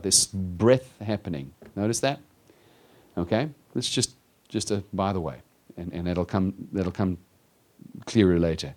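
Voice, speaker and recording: A man's voice: on the low side, fairly quick. A man preaching an expository sermon in an emphatic, teacherly way, often stammering and restarting his phrases. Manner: emphatic, teacherly, rises in volume on readings. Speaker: pastor teaching the Bible.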